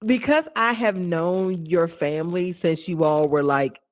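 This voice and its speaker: A woman's voice: lowish voice, measured pace. A woman hosting a podcast interview in casual chat, effusive and emotional, rambling as she talks. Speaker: podcast host.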